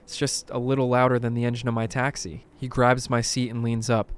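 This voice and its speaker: A man reading creepy first-person stories aloud in a dramatic narration, dropping to a hush at tense moments. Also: medium pitch, little pitch movement, a little fast, smooth. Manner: dramatic, hushed at tense moments, bursts of alarm. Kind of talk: scripted horror story narration.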